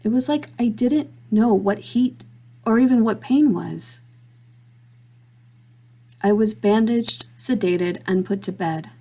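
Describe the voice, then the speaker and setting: A woman reads her own story aloud in a steady, measured way. Her voice has a gravelly, fried texture at a middle pitch. The delivery stays even and deliberate. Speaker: author narrator. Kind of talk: scripted story reading.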